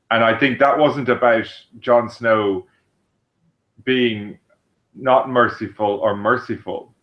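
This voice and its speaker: A man co-hosting a podcast, reasoning in casual chat with hesitant fillers. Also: fairly low pitch. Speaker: podcast co-host. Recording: dull lo-fi sound.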